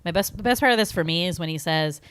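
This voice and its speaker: A woman's voice: fairly low pitch, quick pace, fairly bright tone, clean tone, dry recording. A woman co-hosting a podcast, chatting casually in a self-deprecating way. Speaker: podcast co-host. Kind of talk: casual chat about a film.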